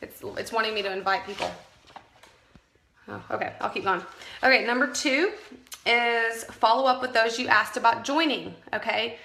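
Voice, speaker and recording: A woman's voice: a little high, moderate pace, creaky, bright, forceful tone. Lady doing a live coaching stream on her phone, chatty and emphatic, echoey room. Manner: chatty, emphatic, self-correcting. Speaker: direct sales team leader. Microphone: phone camera.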